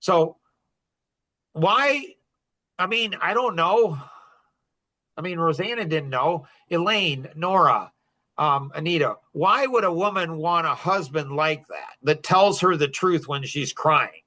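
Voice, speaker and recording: A middle-aged man hosts a podcast and tells a personal story to a small circle. His voice is bright and forward and sits a little high. He talks with animated energy and breaks into short chuckles between points. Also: slow. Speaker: podcast host.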